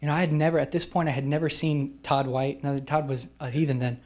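A male preacher telling his testimony to a retreat gathering, his voice sitting a little on the high side. He moves from brisk storytelling to slow, soft, emphatic lines and acts out the people in his story. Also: flat delivery. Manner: personal testimony, slowing to soft, emphatic phrases; acts out quoted people in whispers and raised voices. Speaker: guest preacher.

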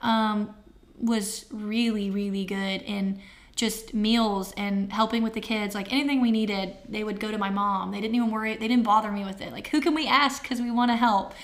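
A woman's voice: medium pitch, little pitch movement, moderate pace. A woman in her thirties telling a personal story as an interview guest, candid and heartfelt, with many fillers. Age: 30s.

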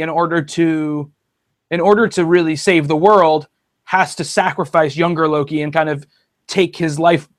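A man hosting a casual podcast chat about comic books, talking in a rambling way with many fillers and restarts. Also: on the high side. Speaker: podcast host.

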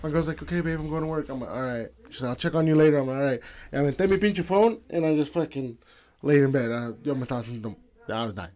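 Fast-talking man. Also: medium pitch, a little mellow. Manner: fast, profane, code-switching into Spanish. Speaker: podcast co-host. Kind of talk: casual storytelling chat.

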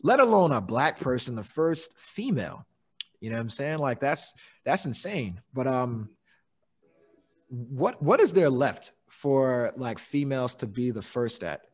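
A young man hosting a casual podcast chat, swearing freely and laughing through animated stories. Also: medium pitch, measured pace. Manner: profane, laughing, animated storyteller. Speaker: podcast host.

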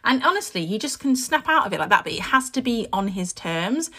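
Mum in her thirties, podcast host; bright, lively voice; chatty and candid, laughs easily. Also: on the high side, brisk. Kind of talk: casual podcast monologue.

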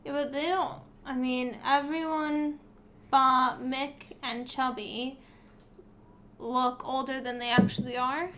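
A woman co-hosting a casual movie podcast from home, animated and quick to laugh and react. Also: high-pitched, slight background noise. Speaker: podcast co-host.

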